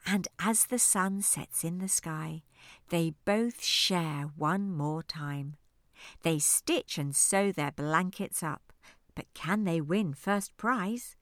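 A woman narrating a rhyming children's storybook in an expressive, sing-song studio reading. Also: lowish voice, slow pace, dry recording. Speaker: audiobook narrator. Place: recording studio. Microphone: studio microphone.

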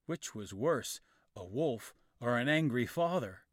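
A man reading a children's story aloud, slow, clear and expressive. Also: mid-range voice, no echo, studio quality. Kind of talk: storybook narration.

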